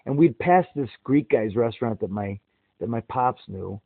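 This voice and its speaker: A middle-aged man telling stories in a casual chat, lively and animated, with quick jumps into quoted voices. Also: mid-range voice, husky, no echo. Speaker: podcast host. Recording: tinny phone-like dry sound.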